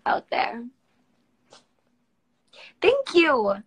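A young woman in her twenties with a bright, crisp voice pitched a little high. She chats casually into her phone, reading out viewers' comments and answering them. She is from Washington, D.C., and talks from home. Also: expressive, slow, pauses often, poor audio. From Washington, D.C., United States. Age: 20s. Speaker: model answering fans on a livestream. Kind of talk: casual livestream Q&A.

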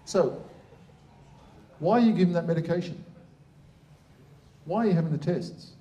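A man's voice: fairly high pitch, normal speed, mellow. A middle-aged man, a surgeon giving a blunt, sarcastic public talk.

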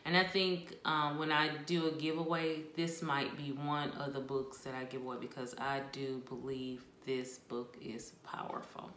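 A woman chatting casually about books she read, expressive and talkative with laughs and asides. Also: extremely low pitch, normal speed, few pauses, echoey room, slight background noise. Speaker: book vlogger. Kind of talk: casual book review chat.

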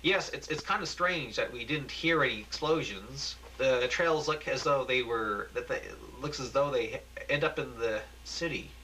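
A nervous male field reporter in a homemade radio play, voiced by a man, stammering and hesitant. His voice is bright and sharp. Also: medium pitch, normal speed, hardly any pauses, slight background noise, natural voice, low-quality recording.

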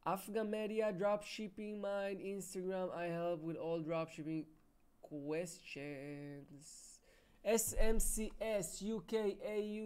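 A man's voice: sits high, smooth. A man hosting a live webinar Q&A, reading out viewer questions and answering them in a casual, friendly way. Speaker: webinar host.

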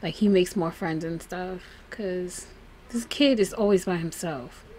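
A woman's voice: lowish voice, unhurried, a little mellow, a little hiss or hum. A woman hosting a casual let's play, chatting through the game and talking fondly to her characters. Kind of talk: casual gameplay commentary.

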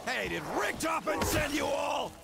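A brash, gruff soldier from a zombie shooter game, barks taunts in a high, wildly swinging voice full of gravel. He is heard through the game's own audio with loud music behind him. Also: sing-song, measured pace, exaggerated voice. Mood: taunting. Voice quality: gravelly, barking battle taunts. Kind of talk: video game character voice.

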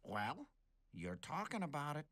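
A smug cartoon showman who stabs his audience, utterly self-assured. His pitch leaps around in a hugely animated way. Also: a little slow, background noise. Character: smug male knife-wielding showman.

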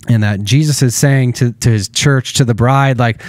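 A man's voice: mid-range voice, steady tone, normal speed, hardly any pauses, darkish tone, no room sound. A man co-hosting a church podcast, rambling and self-deprecating, with many fillers. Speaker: podcast co-host. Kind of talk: casual church podcast chat.

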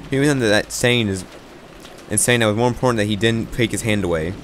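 A man's voice: fairly low pitch, fast talker, slight background noise. A man narrating an amateur visual novel reading who stumbles and repeats words as he goes.

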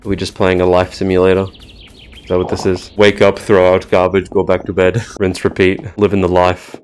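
A man's voice: deep voice, completely flat delivery, normal speed, a little mellow, a little hiss or hum. A man commentating a game he is playing, sarcastic and baffled, often laughing. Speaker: gaming YouTuber. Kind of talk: let's play commentary.

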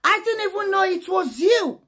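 A Nigerian woman with a high, bright-toned voice talks straight to camera in a fired-up rant. She speaks with a strong Pidgin accent, sliding between Pidgin and English and hammering her points with emphatic, fiery force. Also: expressive, normal speed. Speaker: social media commentator.

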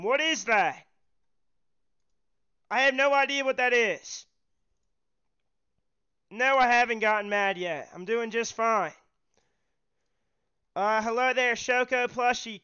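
Man, stream host, very high voice, clear and smooth, halting repeats, muffled lo-fi audio. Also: pushed and bright. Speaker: livestream host taking callers. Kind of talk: hosting a call-in show.

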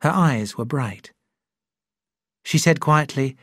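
A narrator reads a story for English learners at an unhurried pace. The voice is slightly husky, and the recording is dry and close. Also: mid-range voice, animated, a bit bright, no room sound. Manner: clear, deliberate reading.

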